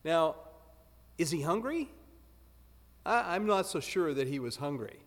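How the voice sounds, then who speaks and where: A man preaching a sermon in a relaxed, conversational way, with joking asides. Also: a little high, a little slow. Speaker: pastor. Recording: long hall reverb.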